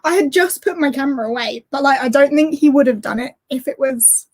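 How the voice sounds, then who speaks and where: High-voiced woman telling a story. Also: fairly quick. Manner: chatty, laughs often. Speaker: co-host of a book stream. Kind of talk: casual chat, telling a personal story.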